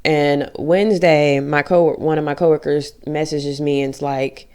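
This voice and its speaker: A woman's voice: deep voice, steady tone, moderate pace, few pauses, a little mellow, clear, resonant tone. Blunt, swearing woman vlogger. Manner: blunt, frequent swearing, acts out quoted dialogue. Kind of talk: candid personal vlog.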